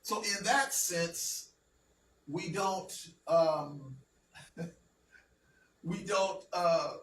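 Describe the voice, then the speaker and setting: A man's voice: sits high, extremely slow, fairly bright tone. A man teaching a class, talking patiently and checking understanding with frequent "okay?". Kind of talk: classroom language lesson. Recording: roomy, distant, faint background noise.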